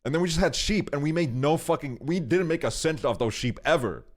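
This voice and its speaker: A man's voice: a little high, animated, fairly quick. Rambling, cursing young man streamer. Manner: rambling, profane storytelling with frequent fillers. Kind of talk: casual stream chat.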